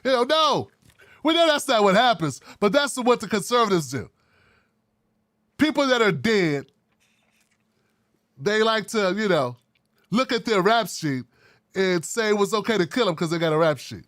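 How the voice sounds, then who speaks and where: A man hosting his own commentary show, talking bluntly with wry asides in a casual, animated way. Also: high-pitched, moderate pace, long pauses, dry recording, studio quality. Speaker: political commentary host.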